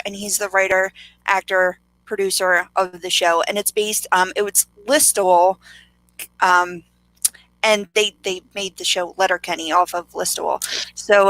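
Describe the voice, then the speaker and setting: Female co-host, bright and bubbly, dry close sound, chatty and eager. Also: medium pitch, no room sound, poor audio. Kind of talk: casual chat.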